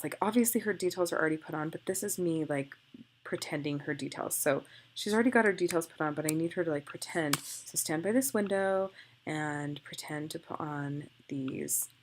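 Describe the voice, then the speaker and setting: Young woman with a low, gravelly voice, casual tutorial host. Chatty and gushing, thinks aloud while editing. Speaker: photographer demonstrating photo editing. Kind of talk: casual screen-recorded tutorial.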